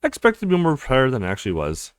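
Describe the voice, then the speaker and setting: A man's voice: medium pitch, huge pitch swings, fast, smooth, dry recording, studio quality. A man voicing an easygoing, chatty young male law student in a visual novel. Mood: friendly. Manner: friendly and chatty.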